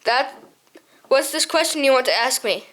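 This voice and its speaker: A pompous male snowy owl captain holds forth in a storybook reading, as a woman reader puts him on. He is huffy and haughty, pitched lower than the reader's narration yet still fairly high. He treats everyone else as beneath him. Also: lively intonation, moderate pace, fairly bright tone. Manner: huffy, haughty, laughs at others.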